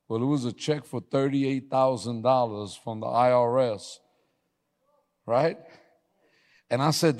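A man preaching a sermon, telling personal stories with a laugh and building to loud, emphatic exhortation. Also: mid-range voice. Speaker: pastor. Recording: long hall reverb.

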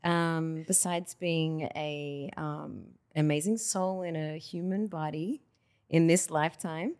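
A woman's voice: low voice, fairly even intonation, takes it slowly, a little mellow. A young woman from Australia, a guest on a chat podcast, speaking playfully and self-assuredly. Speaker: guest, singer and reiki master. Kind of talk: casual chat.

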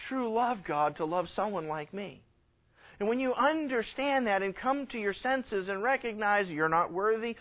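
High-voiced pastor preaching emphatically. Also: male voice, muffled recording. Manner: earnest, emphatic preaching with sudden drops to a hush. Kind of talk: sermon.

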